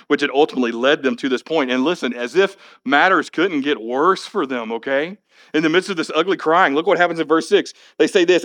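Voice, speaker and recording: A man preaching a sermon as pastor, conversational and plain-spoken, building to animated, rising passages. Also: mid-range voice.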